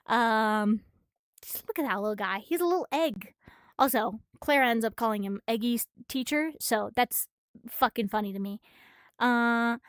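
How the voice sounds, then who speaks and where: A woman streamer who is a little out of breath, rambling and gushing excitedly as she reads a comic aloud in a casual chat from her room. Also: on the high side, no room sound, studio quality.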